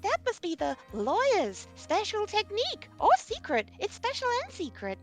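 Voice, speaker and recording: A woman voicing a sweet, earnest little girl from a video game, reading in a bright sing-song child voice. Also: extremely high pitch, wildly swooping pitch, moderate pace, voice pushed up, exaggerated voice. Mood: admiring. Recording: music playing behind.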